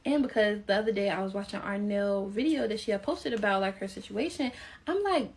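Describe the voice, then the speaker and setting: A young woman from Chicago telling a casual storytime on her phone camera while doing her makeup, chatty and animated, full of "like". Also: medium pitch, brisk, slight background noise. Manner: animated, chatty, peppered with "like" and laughter. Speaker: vlogger.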